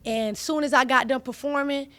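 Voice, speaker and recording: Animated young woman chatting. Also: high voice, normal speed, no echo. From US South (Atlanta). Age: young adult. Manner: animated, slangy, repeats herself. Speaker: host, college athlete. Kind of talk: casual chat.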